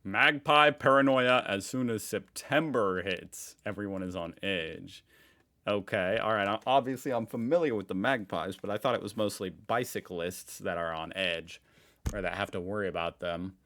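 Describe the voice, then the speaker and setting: A man's voice: low voice, moderate pace, fairly bright tone, a little hiss or hum. A young American man hosting a reaction video, chatting casually with curiosity and easy amusement. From United States.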